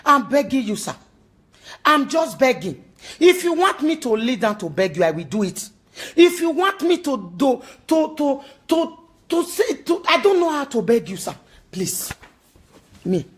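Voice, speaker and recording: A woman's voice: high voice, very animated, a little slow. A woman with a Nigerian accent making an emotional, pleading appeal, repeating her entreaties and now and then slipping into a sung chant.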